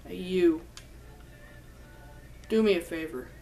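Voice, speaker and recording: A young woman chats casually while playing a video game, rambling, joking with herself, and slipping into humming and singing. Her voice sits on the low side, mellow and unhurried, with faint music in the background.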